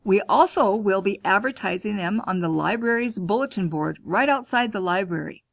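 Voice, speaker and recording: A woman school librarian teaching students, clear and instructive, posing questions and answering them herself. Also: mid-range voice, lively intonation, normal speed, dry recording. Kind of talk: classroom lesson, talking to students.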